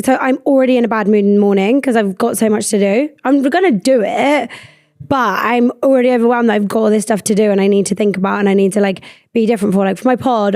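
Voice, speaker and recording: A young woman hosting a podcast, talking in a rambling, animated way and swearing freely. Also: medium pitch, dry recording, clean studio sound. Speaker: podcast host. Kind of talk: casual chat.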